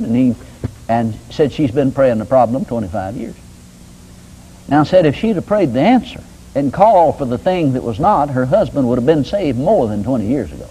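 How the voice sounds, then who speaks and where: A man's voice: mid-range voice, expressive, normal speed, warm tone, slight background noise, rough recording. An older man preaching a sermon in a folksy, conversational way with homespun examples. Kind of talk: sermon teaching.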